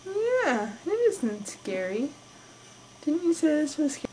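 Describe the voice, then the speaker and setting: Woman, very high and lively, sing-song pet talk, slow; echoey noisy home recording. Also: distant mic. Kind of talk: coaxing a pet bird. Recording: echoey room with background noise.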